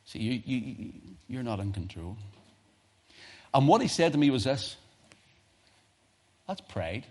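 Northern Irish pastor telling a story. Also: male voice, mid-range voice, a little slow, long pauses, breathy edge. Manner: animated storytelling with humorous asides and chuckles. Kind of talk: sermon.

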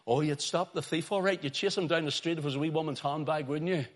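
A middle-aged man preaching a sermon, swinging from quiet storytelling to loud urgent calls. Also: fairly high pitch, steady tone, quick pace.

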